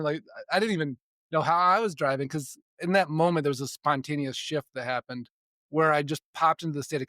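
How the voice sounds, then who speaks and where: A man's voice: a little high, a bit bright, no room sound, studio quality. A man in his forties telling personal stories as a podcast guest, in a casual way that often restarts and repeats words and breaks into chuckles. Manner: chuckles between sentences. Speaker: podcast guest, spiritual development coach. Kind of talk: casual storytelling in conversation.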